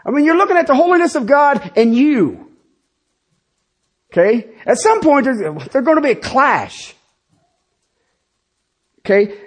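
This sermon comes from a pastor in his fifties whose very high voice is slightly rough. He keeps a measured pace and pauses often, yet stays lively and conversational, with offhand remarks to the congregation.

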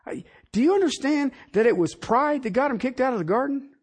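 A man preaching as a pastor, folksy and colloquial, firing off rhetorical questions and swinging between loud peaks and hushed asides. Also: very high voice, animated, fairly quick, husky. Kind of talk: sermon.

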